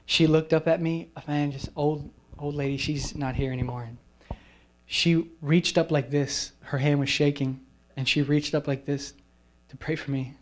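A male preacher telling his testimony to a retreat gathering, his voice sitting a little on the high side. He moves from brisk storytelling to slow, soft, emphatic lines and acts out the people in his story. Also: fairly even intonation. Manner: personal testimony, slowing to soft, emphatic phrases; acts out quoted people in whispers and raised voices. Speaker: guest preacher.

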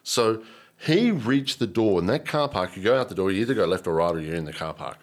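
A man with an Australian accent telling an emotional personal story as an interview guest, earnest and animated, often repeating and restarting his words. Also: on the low side, fairly quick.

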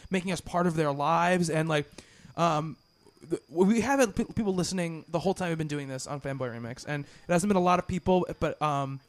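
A man's voice: on the high side, a little fast. A man hosting a podcast in casual chat, rambling with many restarts and fillers. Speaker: podcast host.

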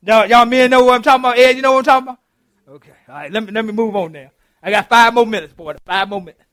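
A man's voice: extremely high pitch, quick pace. A middle-aged man, preaching an interactive sermon as pastor, laughing often and calling out to his congregation. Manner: animated, laughing, calls out to the congregation. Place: church.

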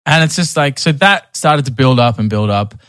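A man's voice: medium pitch, animated, moderate pace, fairly bright tone, no echo, clean studio sound. A young man telling a long personal story in a casual podcast chat, with many restarts and fillers. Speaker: podcast guest.

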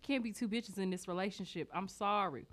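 A woman's voice: mid-range voice, fairly quick, fairly bright tone. A woman co-hosting a podcast, giving blunt, profane opinions in casual chat. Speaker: podcast co-host.

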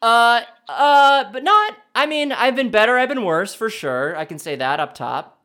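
An animated man quizzes himself aloud in a comedic solo quiz challenge, serving as both contestant and host. Thinking out loud, he swings from shouting to muttering, in an extremely high, unhurried voice.

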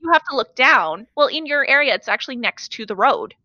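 A woman co-hosting a casual podcast chat, blunt and animated, swearing freely. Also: high voice, brisk, dry recording, dull audio. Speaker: podcast co-host. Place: foreigner living in Korea.

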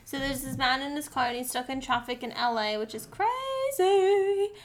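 A fairly high-pitched woman tells a movie plot in casual podcast chat. She is animated and slips into quick voices for the characters. Her telling runs loose and chatty. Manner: animated storyteller, acts out quotes. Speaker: podcast co-host.

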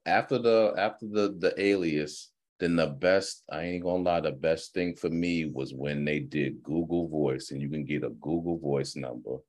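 A man's voice: very deep voice, normal speed, hardly any pauses, a little mellow. A man chatting casually, drawling and laughing often. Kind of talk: casual chat.

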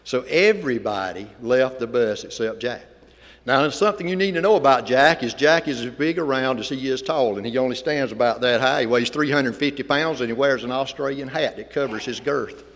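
A man's voice: mid-range voice, a little fast, fairly bright tone. A man speaking to a church congregation as a visiting ministry speaker, telling a folksy story and then making an earnest appeal. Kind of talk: sermon with storytelling. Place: church sanctuary. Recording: reverberant church hall.

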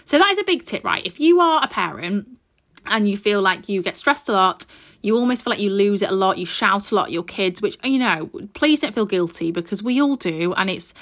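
A woman's voice: medium pitch, lively intonation, fairly quick, fairly bright tone. Chatty woman hosting a podcast. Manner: chatty, reassuring, gives tips. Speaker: podcast host. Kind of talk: solo parenting podcast. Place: at her mother's house, indoors. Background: aeroplane overhead at times.

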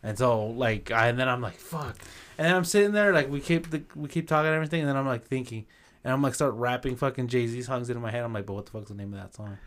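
A man's voice: mid-range voice, fast, a bit bright. Laid-back man, slangy. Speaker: podcast co-host. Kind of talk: casual chat.

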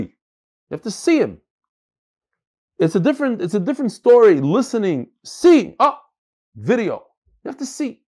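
Animated man teaching Talmud. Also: high voice. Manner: animated, repeats words while searching for phrasing. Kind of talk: Talmud class, reading and explaining.

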